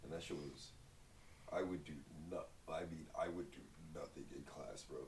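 A young man, a podcast guest, chatting casually and profanely, often quietly. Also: a bass voice, fairly even intonation, normal speed, gravelly, recorded from a distance, a crowd in the background, low-quality recording. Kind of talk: casual chat.

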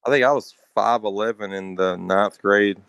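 A man's voice: fairly low pitch, normal speed, gravelly, a bit bright, clear, resonant tone, muffled recording. A young man co-hosting a podcast, chatting loosely with friends, rambling with heavy slang and swearing and laughing often. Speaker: podcast co-host. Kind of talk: casual chat among friends.

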